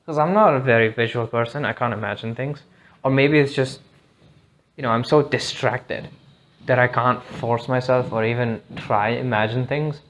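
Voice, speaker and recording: A man's voice: medium pitch, moderate pace, fairly bright tone. A man hosting a solo podcast in a loose, rambling monologue, swearing freely and often restarting his sentences. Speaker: podcast host. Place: lives in India.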